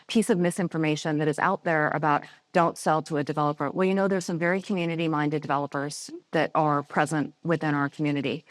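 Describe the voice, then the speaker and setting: A woman's voice: sits low, no room sound. A woman speaking on a panel in a direct, emphatic way, often checking in with her listeners. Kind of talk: panel discussion.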